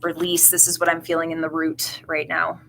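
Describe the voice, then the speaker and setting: A woman's voice: sits low, monotone, fairly quick, creaky, a bit bright, a little hiss or hum, rough recording. A woman doing a tarot reading in a casual, rambling way, earnest and emotional. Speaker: tarot reader.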